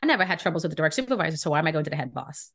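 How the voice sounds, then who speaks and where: A woman's voice: low-pitched, racing. A woman co-hosting a podcast, telling a story in casual chat and acting out the dialogue with indignation. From Brooklyn. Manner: animated, indignant, acts out dialogue. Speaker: podcast co-host.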